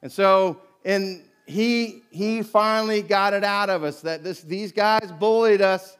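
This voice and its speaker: A middle-aged man preaching a sermon, telling a story with lively acted-out voices. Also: sits high, unhurried, hardly any pauses, clear, resonant tone. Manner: storytelling, animated, acts out quoted voices. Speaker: pastor.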